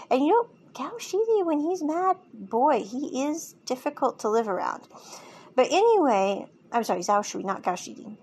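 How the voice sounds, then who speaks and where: A woman's voice: a little high, normal speed, slight background noise. Chatty woman recapping a drama. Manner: chatty, animated storytelling with quoted lines. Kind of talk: casual episode recap.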